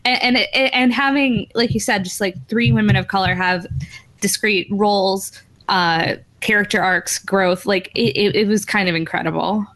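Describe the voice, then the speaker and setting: Excitable woman gushing about films. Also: medium pitch. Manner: excitable, gushing, quick to laugh. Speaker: podcast co-host. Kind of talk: casual movie chat.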